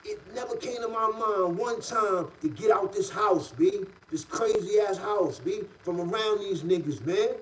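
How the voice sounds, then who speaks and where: A middle-aged man from the Bronx with a New York City accent, telling a story in a casual, streetwise way and rising loud and high when worked up. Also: unhurried, few pauses, distant mic, slight background noise, poor audio.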